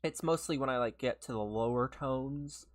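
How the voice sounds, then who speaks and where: A young adult game streamer chatting casually with viewers while playing, a little hoarse after being sick, laughing often and greeting people by name. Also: medium pitch, moderate pace. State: slightly hoarse from a recent illness. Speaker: gaming livestreamer.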